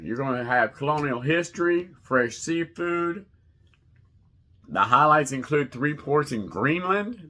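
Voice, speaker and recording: A man's voice: medium pitch, fairly bright tone. A man hosting a cruise vlog, chatting casually with viewers, calling them folks and laughing at his own slips.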